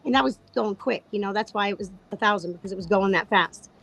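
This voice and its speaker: A middle-aged woman with a hoarse voice, candidly chatting about trading on a panel, laughing and swearing casually. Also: medium pitch, fast talker, a bit bright, slight background noise, rough recording. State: lost her voice, tired.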